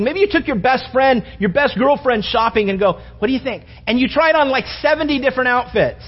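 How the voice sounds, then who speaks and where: A middle-aged man preaching a humorous sermon, acting out little scenes in quieter voices. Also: very high-pitched. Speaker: pastor. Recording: dull sound with long reverb in a hall.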